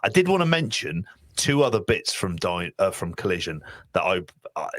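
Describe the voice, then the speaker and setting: A man co-hosting a podcast, talking in a sardonic, sweary, bantering way. His voice sits on the low side, recorded dry and close with no room sound. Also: sing-song, moderate pace, a bit bright, no room sound. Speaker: podcast co-host. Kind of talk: casual podcast chat.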